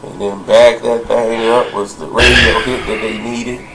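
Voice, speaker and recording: A man's voice: medium pitch, level tone, a little slow, vocal fry, heavy background noise. A man telling a story in casual commentary, hesitant and rambling, with many fillers and restarts. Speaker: commentator in the reviewed video.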